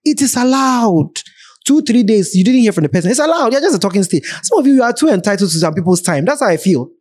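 A man's voice: sits high, sing-song, fast talker, darkish tone. A man with a Ghanaian accent hosting a podcast, giving casual, direct relationship advice to his listeners. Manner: chatty, advising, direct with listeners. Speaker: podcast host.

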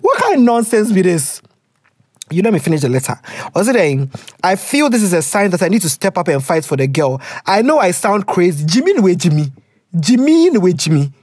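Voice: mid-range voice, very animated, brisk, no room sound, studio quality. A podcast co-host with a Ghanaian English accent, reading a listener letter aloud and teasing it in casual chat, slipping into Twi.

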